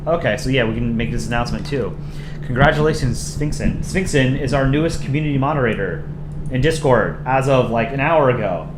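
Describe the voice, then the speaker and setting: A man's voice: medium pitch, a little fast. A man streaming live, chatting casually as he reviews fan art, rambling with frequent ums. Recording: echoey room with background noise.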